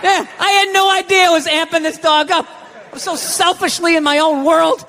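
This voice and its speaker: An American man doing a stand-up routine, ranting and breaking into shouted outbursts. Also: very high-pitched, steady tone, moderate pace, a faint crowd. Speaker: stand-up comedian. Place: theater stage. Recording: live venue reverb.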